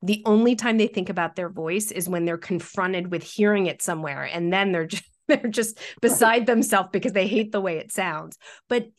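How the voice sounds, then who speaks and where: A woman's voice: mid-range voice, moderate pace. A middle-aged woman, a workplace communication consultant, explaining practical speaking tips in a podcast interview.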